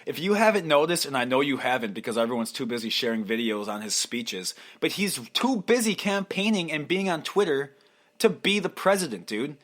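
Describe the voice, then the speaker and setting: A man's voice: on the high side, big pitch swings, fairly quick, a bit bright. Foul-mouthed young man rambling on a podcast. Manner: crude, profane, rambling with frequent laughs; mocking impressions of people. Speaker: podcast host. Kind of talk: solo rambling podcast monologue.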